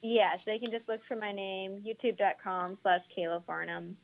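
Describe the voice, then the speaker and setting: A woman musician being interviewed on the radio, speaking earnestly and pausing with ums. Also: medium pitch, steady tone, gravelly, phone-quality sound. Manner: earnest, measured, with frequent ums. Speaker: guest musician.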